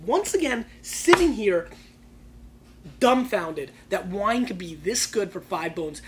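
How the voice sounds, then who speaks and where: A man hosting a wine tasting show, reviewing bottles in a loud, excitable, slangy way that jumps between hushed asides and shouting bursts. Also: high-pitched, measured pace, a little hiss or hum.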